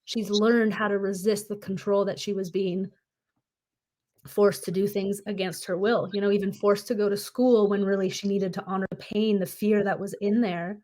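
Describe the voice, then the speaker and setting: A woman's voice: medium pitch, flat delivery, normal speed, darkish tone. A woman in casual podcast chat, affirming and reflective as she speaks.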